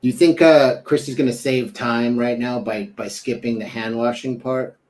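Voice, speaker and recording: A man's voice: medium pitch, steady tone, normal speed, darkish tone. A young adult man co-hosting a casual talk show, rambling with lots of fillers. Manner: rambling, fillers, tells jokes with put-on voices. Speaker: co-host. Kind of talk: casual chat.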